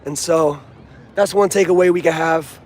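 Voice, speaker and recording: A man's voice: a little high, steady tone, normal speed, darkish tone. A young man talking earnestly and casually about his football team, using street slang, recorded outdoors near a stadium. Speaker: sports fan vlogger. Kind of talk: casual fan vlog.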